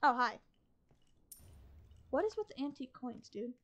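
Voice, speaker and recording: A woman streamer talks her way through a game in casual running commentary. Her voice sits a little high, and her self-talk is chatty, wry and sarcastic. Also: big pitch swings, normal speed, fairly bright tone.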